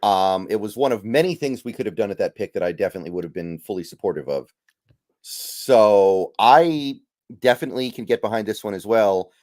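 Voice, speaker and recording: Going through his picks on a laid-back podcast, the host thinks aloud and lets his sentences trail off into fillers. He has a fairly low, slightly mellow voice, talks fairly quickly with lively intonation, and the studio-quality recording has no room sound.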